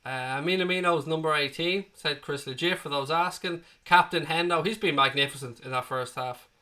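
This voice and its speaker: A man's voice: fairly high pitch, normal speed, sharp tone. A man in his twenties hosting a live football watchalong, reading viewer comments aloud with blunt, sweary banter. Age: 20s.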